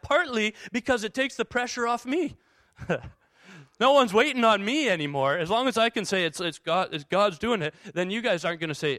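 A man's voice: high voice, lively intonation, fairly quick, bright, forceful tone, no echo. A young man preaching a sermon as pastor, telling self-deprecating stories, acting out his inner voices, often restarting his sentences. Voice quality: many restarts and stumbles.

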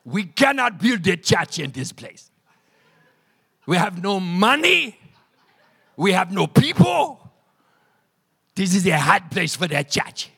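A man's voice: high-pitched, big pitch swings, takes it slowly, creaky, long pauses, a bit bright, slightly rough, in a large hall, full character voice. A man voicing a grave old male village elder, solemn and emphatic.

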